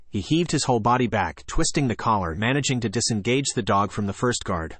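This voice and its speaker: Low-voiced man reading a story. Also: expressive, fairly quick, few pauses, fairly bright tone, no echo. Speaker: audiobook narrator. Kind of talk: scripted narration.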